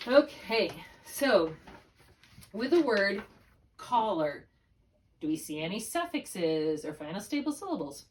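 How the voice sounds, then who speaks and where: A woman's voice: mid-range voice, big pitch swings, slow, long pauses, recorded from a distance, slight background noise. A woman tutoring a student one-on-one in a spelling lesson over a video call, explaining each step patiently and checking in with questions. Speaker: reading tutor. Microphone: laptop mic, held while writing.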